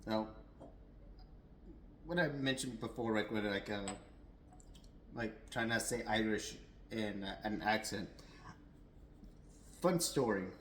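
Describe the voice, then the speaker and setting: A man's voice: on the low side, slow, pauses often, fairly bright tone, roomy sound, a little hiss or hum, low-quality recording. A young adult man giving a casual, rambling whiskey tasting review at home, a little tipsy, with lots of fillers and restarts.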